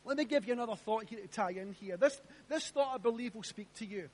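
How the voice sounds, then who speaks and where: High-voiced preacher. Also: male voice, fast, a little mellow. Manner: emphatic, repeats phrases, asks the congregation questions. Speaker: pastor. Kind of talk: sermon. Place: church.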